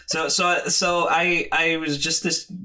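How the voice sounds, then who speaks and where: Young man, bright forceful tone, rambling casual storyteller, stammers, quick shouting bursts. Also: fairly high pitch, flat delivery. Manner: rambling, stammering restarts, shouting bursts when quoting himself.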